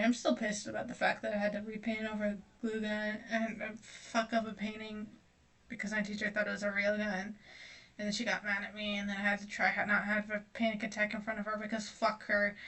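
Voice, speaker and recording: A woman's voice: medium pitch, monotone, a little fast, fairly bright tone. A young woman streamer chatting casually while she paints, rambling, self-deprecating and swearing freely. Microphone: distant mic. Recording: voice distant from the mic.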